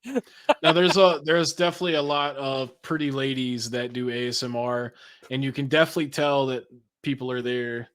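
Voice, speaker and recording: A man's voice: medium pitch, steady tone, fairly quick, fairly bright tone. A man who is a podcast guest, talking in a laid-back, chatty way with casual swearing. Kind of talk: casual interview chat.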